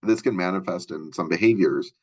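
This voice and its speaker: A man's voice: low voice, a little fast, a little mellow, breathy edge, lo-fi sound. A male college instructor giving a conversational recorded lecture, full of fillers and asides.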